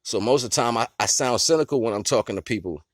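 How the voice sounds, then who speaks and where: A man talks in a relaxed, rambling way, chuckling now and then and breaking big ideas down into simple everyday comparisons. His voice sits at an ordinary pitch and is recorded dry and close, with almost no room sound. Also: quick pace, no echo. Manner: laid-back and rambling, with frequent chuckles and constant "you know what I'm saying". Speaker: vlogger sharing life philosophy. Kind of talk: casual monologue.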